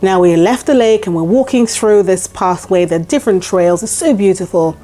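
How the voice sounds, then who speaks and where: A woman's voice: medium pitch, animated, moderate pace, dark tone. A woman vlogger telling a personal story to camera, emphatic and repeating her points for stress.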